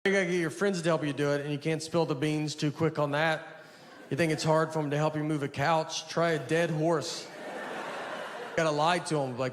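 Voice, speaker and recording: A middle-aged man doing a stand-up comedy set, telling rambling deadpan stories full of fillers. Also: fairly high pitch, brisk, noisy background. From United States. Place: stage before a laughing audience.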